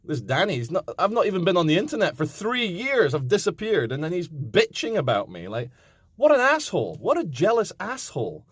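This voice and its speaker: A man's voice: high-pitched, fairly quick, slightly rough, dry recording. Ranting male vlogger, dry close sound. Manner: animated, swearing, mocking impressions. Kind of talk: casual rant to camera.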